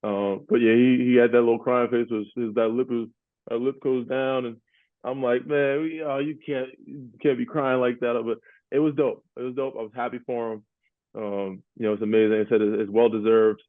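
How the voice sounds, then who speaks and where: A man's voice: medium pitch, flat delivery, brisk, no echo. A man hosting a podcast, chatting casually about basketball in a laid-back way, often laughing and repeating himself. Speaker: podcast host, former NBA player. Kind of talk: casual sports chat. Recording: tinny phone-like audio.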